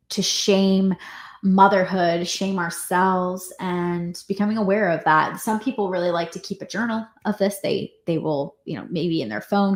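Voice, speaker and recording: A woman working as a parenting coach, talking casually to the camera and often pausing to rephrase her thoughts with fillers. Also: medium pitch. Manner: conversational, with many fillers and restarts. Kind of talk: casual reflective talk to camera. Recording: echoey room.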